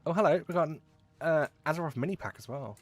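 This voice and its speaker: Chatting jokingly with his livestream chat while gaming, an Englishman with a mixed Essex and Midlands accent talks fast. His voice is on the high side and expressive.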